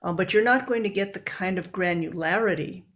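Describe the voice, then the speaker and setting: A woman's voice: medium pitch, a little fast, fairly bright tone. A woman researcher and book author explaining her work step by step in an interview.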